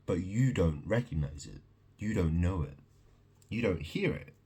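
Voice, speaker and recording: Husky deep-voiced man rambling slowly. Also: animated, dark tone. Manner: rambling, repetitive, profane, keeps checking in with "yeah?". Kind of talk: rambling solo monologue.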